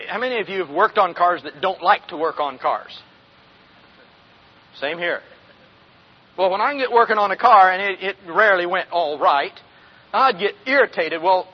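Heard through dull lo-fi audio, a sixty-something pastor with a high, husky voice preaches in a folksy style. He keeps questioning his congregation and chuckling.

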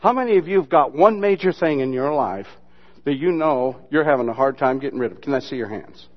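A man preaching a sermon in a folksy, mocking, humorous way, mixing Bible lessons with sudden loud imitations. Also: medium pitch, animated, fairly quick. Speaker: pastor. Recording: dull lo-fi sermon recording.

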